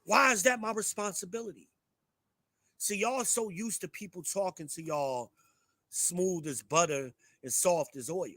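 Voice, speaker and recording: A man's voice: high-pitched, measured pace, sharp tone, dry recording. A middle-aged man hosting his own show, ranting bluntly and profanely to a live chat. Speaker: show host.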